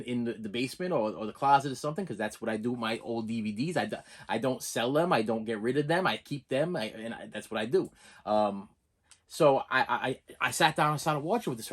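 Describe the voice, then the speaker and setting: A middle-aged man with a medium-pitched voice hosts a casual movie unboxing video for his channel. He's excitable and rambling, often repeating words and restarting sentences.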